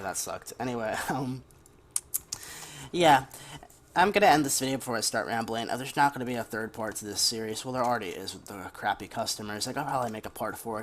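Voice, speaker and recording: A man's voice: lowish voice, fairly bright tone, slight background noise. A tired man telling a work story in a rambling, chatty way while commenting on gameplay. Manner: rambling, chatty, with off-hand gaming asides. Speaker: gaming commentator. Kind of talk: casual storytelling over gameplay.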